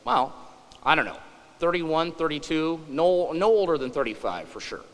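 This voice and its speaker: A man voicing a gushing teenage fast-food cashier. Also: fairly high pitch, lively intonation, fairly bright tone, big-room sound, pitched above the performer's own voice.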